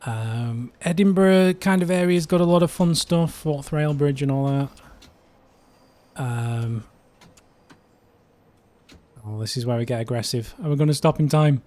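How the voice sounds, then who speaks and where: A man's voice: mid-range voice, measured pace, pauses often, dark tone. A man from the UK hosting a casual livestream, chatting in a rambling way with frequent fillers. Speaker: livestream host.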